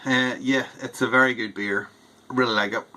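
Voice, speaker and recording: A man's voice: mid-range voice, steady tone, brisk, pushed and bright. A man hosting a homebrewing video, giving a casual beer tasting review in a rambling, hedging way, as if thinking aloud. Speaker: homebrewer host.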